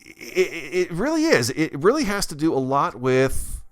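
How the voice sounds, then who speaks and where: Chatting casually with viewers and muttering to himself as he plays, a man hosts a Minecraft let's play with enthusiastic, radio-style gameplay commentary. He speaks unhurriedly in a fairly high voice whose pitch swoops wildly.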